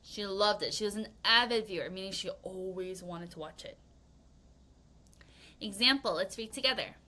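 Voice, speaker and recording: A young woman teaching English vocabulary to children in a recorded lesson, expressive and playful, acting out reactions with gasps and exclamations. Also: medium pitch, moderate pace.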